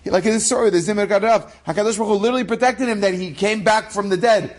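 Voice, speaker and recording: A man, a rabbi, telling an inspirational story in an animated way, acting out the quotes and using many Hebrew terms. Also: high-pitched, fast. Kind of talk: storytelling with a moral lesson.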